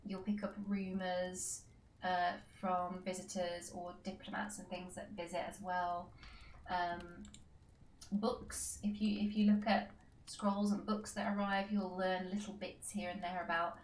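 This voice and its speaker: Brief: woman, game streamer, casual rambling chat, mid pitch, echoey room. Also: flat delivery, measured pace, far from the mic. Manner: rambling, many fillers and restarts. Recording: echoey room, faint background noise.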